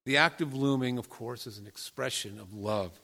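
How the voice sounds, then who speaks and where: A male pastor preaches in a church sanctuary, his gravelly, mid-range voice sharp in tone and moderately paced, ringing with the long reverb of the large hall. His style is loose and conversational, and he keeps checking in with listeners through friendly questions.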